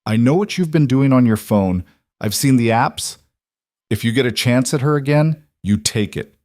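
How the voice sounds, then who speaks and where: A man's voice: medium pitch, expressive, normal speed, darkish tone, dry recording, clean studio sound, pitched above the performer's own voice, lightly acted. A man voicing a blunt, commanding older grandmother who insists on her points and repeats them. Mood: forceful.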